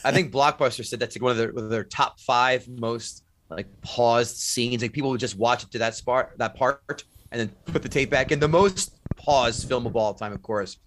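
A man who is a stand-up comic, a guest on a podcast, telling stories in a lively way and acting out the voices. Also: mid-range voice, normal speed, few pauses. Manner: animated storyteller, acts out voices. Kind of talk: casual storytelling chat.

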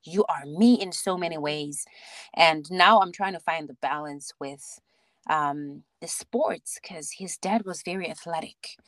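A woman speaking as a podcast guest, telling stories about her child in an animated way, often restarting her sentences. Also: low voice, unhurried, no echo. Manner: animated storytelling with many restarts and laughs. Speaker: podcast guest, mother and theatre actor. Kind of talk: casual interview chat.

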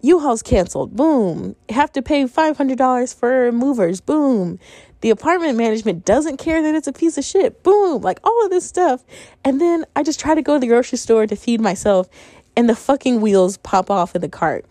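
A young woman in her twenties talks through her own misadventures in a frank, exasperated monologue, often breaking into laughter. Her voice sits a little high yet sounds mellow and warm. The recording is close and dry, with no room sound. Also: fairly quick, no echo. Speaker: podcast host. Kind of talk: casual monologue.

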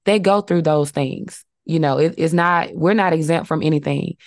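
A woman's voice: sits low, normal speed, dry recording, clean studio sound. A woman co-hosting a faith podcast, talking in an earnest, reflective way with many fillers. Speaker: podcast co-host. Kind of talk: casual faith podcast chat.

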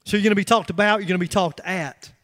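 A middle-aged man preaching a sermon in a church, telling a story with animated emphasis and frequent restarts. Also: sits high, fast talker. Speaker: pastor. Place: church sanctuary. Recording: long reverb of a large hall.

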